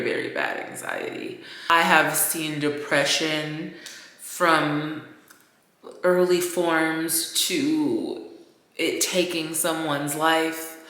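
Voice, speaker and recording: A woman's voice: sits low, pushed and bright. A woman hosting her own show, ranting candidly and with plenty of profanity, a little tipsy. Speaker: podcast host. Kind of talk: casual rant monologue. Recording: roomy echoey room.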